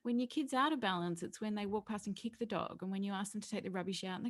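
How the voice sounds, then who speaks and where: Middle-aged woman, podcast guest, earnest, explaining, mid-pitched voice. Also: fast talker. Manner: earnest and explanatory, slipping into playful voices for children and parents. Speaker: guest, parenting educator. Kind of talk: podcast interview conversation.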